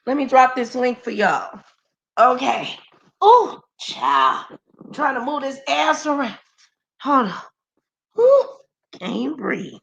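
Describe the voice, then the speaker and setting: A woman's voice: high-pitched, big pitch swings, measured pace, vocal fry, long pauses, slight background noise. A woman hosting a casual live stream, chatty and slangy, greeting viewers by name. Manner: scolds her dogs mid-stream.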